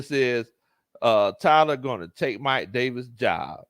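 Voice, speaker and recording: A man who hosts sports shows and coaches runs a casual livestream, reading viewer comments aloud and laughing often. He uses Southern slang and reacts in an animated way. His voice is medium-pitched and slow, in a dry studio-quality recording.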